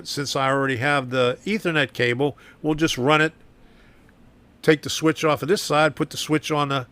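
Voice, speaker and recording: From his home garage workshop, a man hosts a live stream, rambling, complaining and repeating himself. His fairly high, a bit bright voice is slightly hoarse, he clears his throat, and the audio has no echo.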